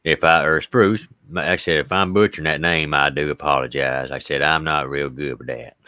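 A man's voice: rumbling low, fairly even intonation, moderate pace, clear, resonant tone, no echo. A man with an Appalachian accent hosting a casual livestream, reading out viewer comments and stories in a folksy way. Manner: folksy, reads viewer comments and greets them warmly by name. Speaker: livestream host.

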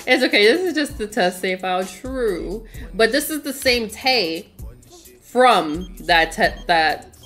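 A woman's voice: mid-range voice, lively intonation, takes it slowly, a bit bright, soft background music. A woman streaming a game in casual, chatty commentary, laughing often and talking to her chat.

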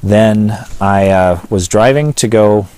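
Northwest guy telling his story in an interview, kinda low voice, lots of ums and restarts. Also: takes it slowly, dark tone, smooth. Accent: Pacific Northwest American. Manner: rambling, hesitant, many fillers and restarts. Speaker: pastor and witness.

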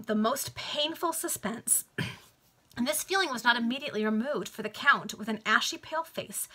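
A woman's voice: a little high, sharp tone, husky. A woman casually reading a nineteenth-century novel aloud to friends over a video call, with chatty asides. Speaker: reader.

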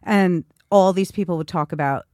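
A woman's voice: fairly low pitch, moderate pace, darkish tone, no echo, clean studio sound. A middle-aged woman from Queens, chatting as a guest and acting out other people's voices. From Queens, New York. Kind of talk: casual chat.

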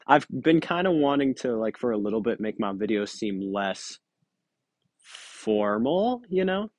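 A man's voice: on the low side, very animated, unhurried, a little mellow, no echo. A tired young man giving casual, giggly, self-mocking commentary while playing a mobile game. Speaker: gaming video creator.

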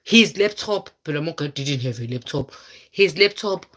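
With a deep, slightly bright voice and animated delivery at a moderate pace, a woman vlogger shares a story with live viewers. She's dramatic and exclamatory, sprinkling in local words as she chats casually.

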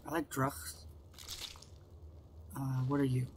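A man provides casual, wry let's-play commentary over a game, regularly chatting to himself and to the game's characters. His mid-range voice is a little mellow, totally flat in delivery and slow. There's slight background noise.

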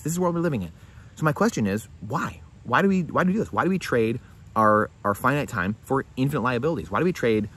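Fast-talking emphatic male vlogger. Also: mid-range voice, husky. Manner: emphatic, repetitive, rhetorical questions. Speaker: finance vlogger. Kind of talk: direct-to-camera commentary.

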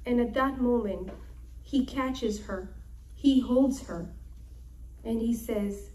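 A young woman tells a scripture story in a higher voice, taking her time. She draws out the narration with dramatic emphasis. She gives voice to the figures as she tells it. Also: takes it slowly, mellow, rough recording. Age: young adult. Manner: acts out quotes with dramatic emphasis. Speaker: Torah teacher.

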